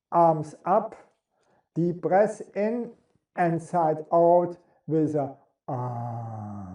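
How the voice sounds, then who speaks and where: A man giving a spoken lesson on how to use the voice, in deliberate, non-native English and demonstrating sounds as he goes. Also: on the high side, dark tone. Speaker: voice and speaking coach. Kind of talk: instructional talk on speaking. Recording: roomy echo.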